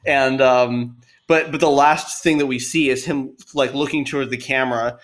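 A man's voice: medium pitch, fairly even intonation, normal speed. A man co-hosting a film podcast, casually and animatedly retelling scenes. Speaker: podcast co-host.

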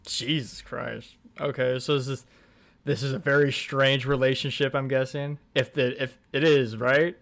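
A man's voice: mid-range voice, little pitch movement, unhurried, creaky, a bit bright. A young man co-hosting a podcast, teasing and sarcastic in casual banter. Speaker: podcast co-host.

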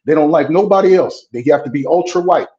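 A man's voice: on the high side, quick pace, darkish tone. Blunt man on echoey, dull audio. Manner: blunt, frank, stumbles over fillers. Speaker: pastor and congressional candidate. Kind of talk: political interview.

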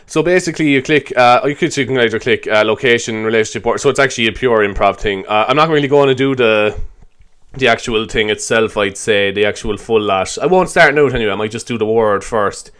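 A man's voice: lowish voice, a bit bright, clean tone. A man hosting a comedy show, rambling through an improvised monologue in a self-mocking way and laughing often.

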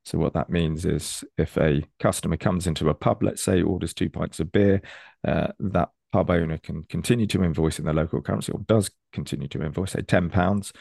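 A man's voice: deep voice, fairly quick, gravelly, a little mellow, no echo, clean studio sound. A man, an enthusiastic and persuasive consultant explaining ideas on a video call. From United Kingdom. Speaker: Bitcoin consultant.

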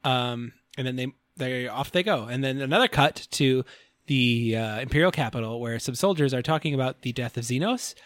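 A man's voice: mid-range voice, normal speed, no room sound. A man co-hosting a podcast, casually recapping a game's story and laughing often as he acts out characters' lines. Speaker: podcast co-host. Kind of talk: casual game recap chat.

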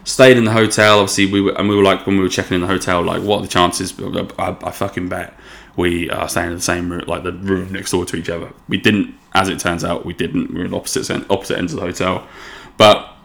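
A young man telling a long story in a casual, rambling way, swearing freely and getting excitable. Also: sits low, fast, creaky. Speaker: podcast host.

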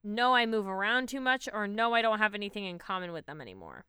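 A woman's voice: mid-range voice, animated, fast talker, sharp tone, clean tone, dry recording. A woman co-hosting a casual podcast, reading quiz questions and answer options aloud in a matter-of-fact way. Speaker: podcast co-host.

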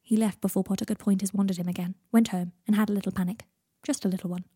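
A woman reads a story aloud, keeping a steady storytelling pace. Her voice is husky and breathy, and the recording sounds dry and close. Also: medium pitch, quick pace, no echo. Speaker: narrator. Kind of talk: audiobook reading of fan fiction.

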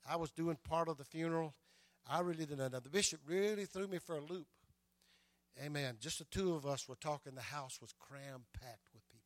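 A man's voice: mid-range voice, no room sound. An older man preaching a sermon and telling his own stories, stumbling over repeated words and adding "amen" between his lines. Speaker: pastor.

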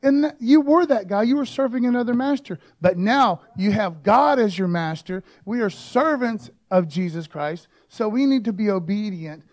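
Man, high voice, laid-back preaching, tosses in asides and "okay?". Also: animated, darkish tone. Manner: informal and joking, peppers talk with "man" and "okay?", quick rhetorical asides. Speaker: pastor. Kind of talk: casual sermon.

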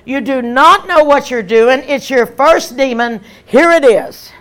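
A woman evangelist, preaching an emphatic, animated sermon with repeated lines. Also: high voice, measured pace.

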